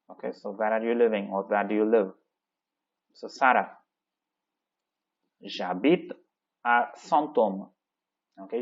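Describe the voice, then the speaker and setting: A man teaching a French lesson, reading textbook lines slowly and translating each one with many "okay, so" fillers. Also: on the low side, lo-fi sound. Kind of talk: classroom lesson explaining a textbook dialogue.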